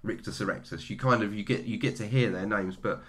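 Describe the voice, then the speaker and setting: A man's voice: fairly low pitch, brisk, a bit bright. A man co-hosting a podcast, chatting enthusiastically about a film with many restarts. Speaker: podcast co-host. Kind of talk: casual film-review chat.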